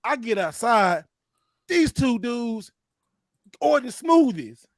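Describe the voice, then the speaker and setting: Lively high-voiced man telling stories. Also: takes it slowly, no echo, clean studio sound. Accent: Texan. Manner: animated storytelling, slangy, laughs often. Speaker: podcast host. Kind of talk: casual chat.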